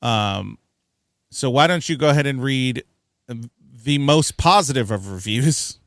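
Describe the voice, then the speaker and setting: A man's voice: medium pitch, a little slow, no echo, clean studio sound. Chatty man reviewing a film. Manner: animated, chatty, lots of fillers. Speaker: podcast co-host. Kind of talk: casual film review chat.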